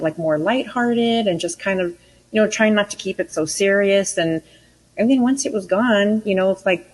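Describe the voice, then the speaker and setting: A woman on a podcast panel, telling a story in relaxed, conversational chat. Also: mid-range voice, rough recording. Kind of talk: casual chat.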